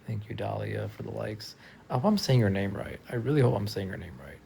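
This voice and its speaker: A tired man talking casually on a live stream from a friend's house, soft-spoken and trailing off with lots of fillers. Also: on the low side, brisk, vocal fry, slight background noise. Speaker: livestreamer.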